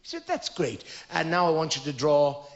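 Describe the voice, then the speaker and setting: Lively Dublin Irish comedian. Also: male voice, a little high, normal speed. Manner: lively storyteller, acts out characters in his own voice. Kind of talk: stand-up storytelling. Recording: dull lo-fi live recording.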